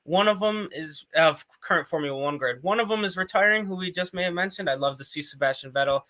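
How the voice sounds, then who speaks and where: A man who writes about motorsport, chatting on a panel with quick, self-aware asides. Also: high voice, sharp tone. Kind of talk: casual panel discussion.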